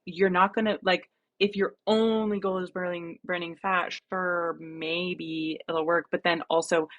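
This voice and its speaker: A young woman from New Jersey talks through advice as a podcast guest. Her voice sits slightly low, and she stays earnest and animated, laughing often. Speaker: guest, running dietitian coach. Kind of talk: casual podcast conversation.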